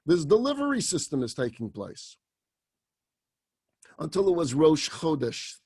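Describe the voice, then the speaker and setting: Husky man telling a dramatic story. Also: fairly high pitch, huge pitch swings, a little slow, a little mellow. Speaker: rabbi. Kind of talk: storytelling sermon.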